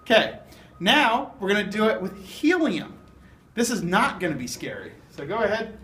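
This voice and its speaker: Brief: male science demonstrator, upbeat high voice, informal classroom chat, echoey room with slight background hum. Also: very animated, normal speed, pushed and bright. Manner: explanatory, chatty with fillers. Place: university lab room.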